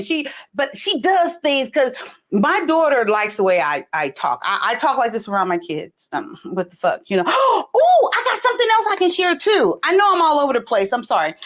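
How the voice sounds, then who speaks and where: Animated, rambling woman livestream host. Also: high voice. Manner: rambling, animated, reads and answers comments. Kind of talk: casual live chat with viewers. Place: home, in California.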